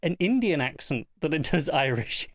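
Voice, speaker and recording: A man co-hosting a casual TV review podcast, thoughtful and measured with a dry teasing streak. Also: on the high side, sing-song, dry recording. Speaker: podcast co-host.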